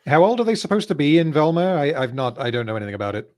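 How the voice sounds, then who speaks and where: A man's voice: fairly high pitch, very animated, racing, darkish tone. A man joining a livestream chat over a call, hesitant and sounding distant from his mic. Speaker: livestream guest. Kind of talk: casual chat.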